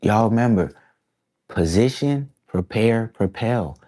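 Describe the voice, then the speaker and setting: A man with a fairly low voice speaks casually to camera as an artist sharing his thoughts. He rambles and reflects, drops slang like "bruh" and "y'all" throughout, and circles back on his ideas. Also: lively intonation, takes it slowly, dark tone. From East Coast of the United States. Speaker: artist vlogger.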